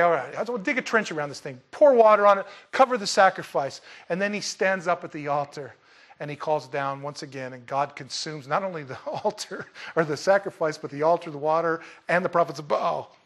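A man's voice: sits high, a bit bright. A man preaching a sermon in a conversational, emphatic way, with folksy asides to the congregation.

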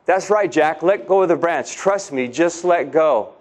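A man voicing God in a sermon story, speaking calmly and steadily. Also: on the high side, measured pace. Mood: calm reassuring. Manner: calm, steady, reassuring. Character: calm, patient voice of God.

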